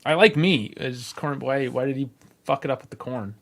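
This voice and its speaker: A man co-hosting a podcast in casual chat, blunt and quick with opinions, swearing freely. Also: medium pitch, creaky, fairly bright tone. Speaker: podcast co-host.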